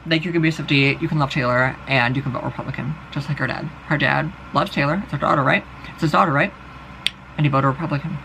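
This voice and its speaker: A man's voice: on the high side, steady tone, fast talker, vocal fry, sharp tone, a little hiss or hum, low-quality recording. A young man vlogging, delivering a rambling, profane and exasperated monologue. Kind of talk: casual ranting monologue.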